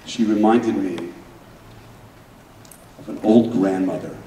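A man playing an Israeli paratrooper telling a moving battle memory in a dramatic first-person monologue, earnest and swinging between loud urgency and hushed emotion. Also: deep voice, takes it slowly, slight background noise. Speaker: stage performer. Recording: echoey hall from far off.

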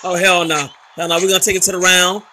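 A man hosting a gaming channel, giving loud, excitable commentary and trash talk while playing, with announcer-style hype. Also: high-pitched, fast, slight background noise. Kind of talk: live gameplay commentary.

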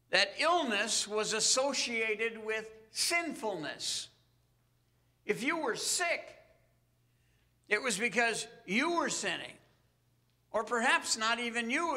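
A male pastor delivers a sermon in a high, very bright voice. He speaks slowly and earnestly, breaking his phrases with dramatic pauses.

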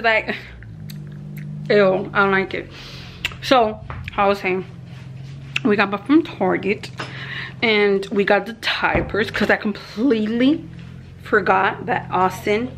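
A woman's voice: mid-range voice, fairly even intonation, slow pace, pauses often, a bit bright, slight background noise, rough recording. A young woman vlogging about feeling stressed, talking casually to the camera with lots of fillers like "like" and "you know what I mean". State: stressed and low. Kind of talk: casual confessional vlog.

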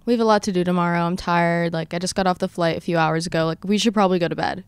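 A woman in her twenties hosting a podcast, telling a story in casual chat with lively, dramatic retellings of her own quotes. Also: lowish voice, racing, smooth, no echo. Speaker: podcast host.

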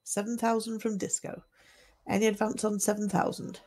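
Woman auctioneer, husky with some gravel, steady methodical bid-calling, mid-pitched. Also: moderate pace. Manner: steady methodical lot-calling, selling once, twice, sold.

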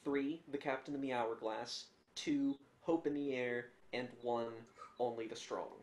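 A man co-hosting a casual music podcast, listing things at an unhurried, steady pace. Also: mid-range voice. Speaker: podcast co-host.

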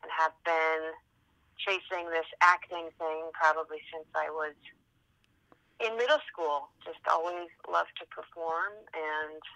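A woman in her thirties from Massachusetts, an actress chatting as a podcast guest and telling stories in an animated, chatty way. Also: low voice, gravelly, dry recording, low-quality recording. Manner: chatty, animated storytelling with fillers. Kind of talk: casual interview chat.

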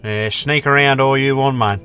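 A man voicing a tired, gruff, older Australian bushman in a fan-made cartoon, talking in short, grumbling lines. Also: medium pitch, steady tone, normal speed, bright, forceful tone, close to an everyday voice.

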